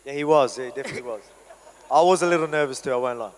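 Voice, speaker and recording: A man with an Australian accent, a fighter answering questions at a press event in a relaxed, joking way. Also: medium pitch, rapid-fire, big-room sound, slight background noise. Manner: laid-back, joking, self-deprecating. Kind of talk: casual press conference answers.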